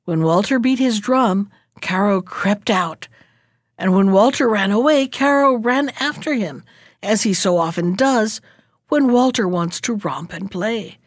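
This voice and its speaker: A woman reading a fairy tale aloud as the storyteller of the show, rising high and animated in tense moments. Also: a little slow, dry recording, clean studio sound.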